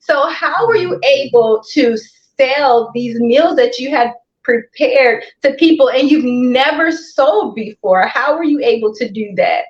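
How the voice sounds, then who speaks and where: A high-pitched woman hosting a casual interview, talking in an upbeat, chatty way. Her voice sounds echoey and a little dull, as if recorded in a roomy space. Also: unhurried, hardly any pauses. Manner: upbeat, chatty, says "right?" often. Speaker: host.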